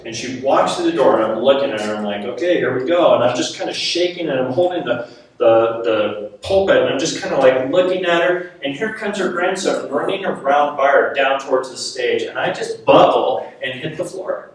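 A man preaching a sermon to a live audience, telling a personal story in an animated, self-mocking way and laughing often. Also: medium pitch, normal speed. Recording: echoey hall, mic at a distance.

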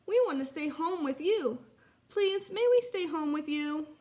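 A woman's voice: sits high, very animated, slow, pitched above the performer's own voice, exaggerated voice. Woman doing a scared little raccoon boy. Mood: pleading. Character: young boy raccoon cub, scared and pleading. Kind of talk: read-aloud storybook.

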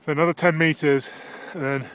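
A man out of breath, rambling casually with lots of fillers as he films himself outdoors on a high mountain ridge with a handheld camera. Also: fairly even intonation, brisk, fairly bright tone. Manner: rambling, chatty, with many fillers. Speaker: vlogger. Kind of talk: casual handheld vlog narration.

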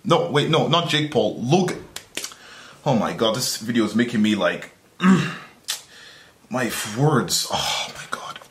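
A man hosting a video reaction, commenting casually and getting excitable and loud over the clips he watches. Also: mid-range voice, measured pace, long pauses. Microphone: camera mic at desk. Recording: echoey room with loud music behind.

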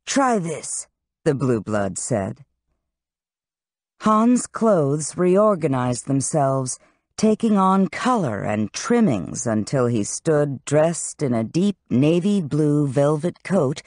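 An audiobook narrator reading fantasy at a slow, unhurried pace. The telling is even and measured. The recording is dry and close, with no room sound. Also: medium pitch, no echo.

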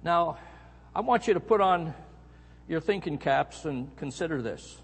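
A middle-aged Canadian man preaching a sermon, telling a story with animated emphasis on key words. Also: a little high, unhurried, vocal fry, slightly rough. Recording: echoey hall.

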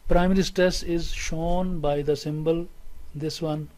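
A man with a Pakistani English accent teaching a recorded English lesson, slow and deliberate, repeating words for students to say along. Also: a little high, steady tone, darkish tone, poor audio. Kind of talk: recorded classroom lecture.

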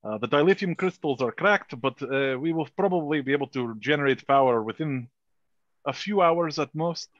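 A man playing a chief engineer in a tabletop game, reporting in a measured, officer-like way with fillers. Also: a little high, no echo, muffled recording. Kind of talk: tabletop role-play.

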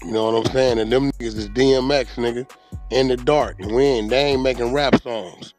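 A man's voice: mid-range voice, fairly even intonation, a little fast, a little mellow, faint music behind. Blunt streetwise man in casual chat. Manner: streetwise, blunt, profane and emphatic.

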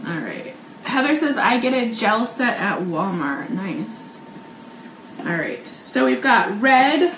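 A woman's voice: on the high side, big pitch swings, takes it slowly. A woman in her thirties hosting a casual live cooking vlog from her home kitchen. She talks in a bubbly, chatty way, laughs often, and fills her speech with um and like. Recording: echoey kitchen with clear background noise.

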